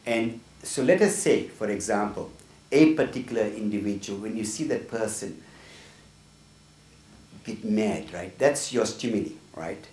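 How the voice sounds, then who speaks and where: A man's voice: on the low side, expressive, a little slow, darkish tone. A middle-aged man giving a motivational workshop talk full of personal stories, earnest and often asking "right?". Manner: earnest, tags points with "right?". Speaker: workshop speaker. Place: room with a small group. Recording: echoey room from a distance.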